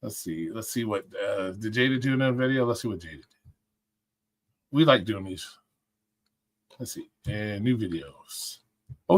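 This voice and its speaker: Male streamer, mid-pitched, rambling and profane, casual rant energy. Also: a bit bright. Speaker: livestream host. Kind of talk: casual livestream commentary.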